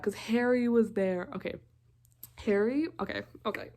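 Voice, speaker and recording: A woman's voice: mid-range voice, fairly even intonation, normal speed, darkish tone. A young woman vlogger recapping a TV show in a casual, rambling way, often breaking off mid-thought. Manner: rambling, chatty, interrupts herself often.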